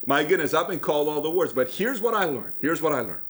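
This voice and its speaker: A man's voice: on the high side, big pitch swings, quick pace, a bit bright. A man from Iran with an Iranian accent, hosting a motivational talk and telling stories directly to the viewer with pointed questions. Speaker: host.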